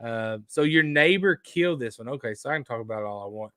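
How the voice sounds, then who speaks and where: A man hosting a casual outdoors live stream, rambling and excitable as he reacts to viewer photos. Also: medium pitch, fast talker, clear, resonant tone, dry recording, studio quality. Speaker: outdoors show host.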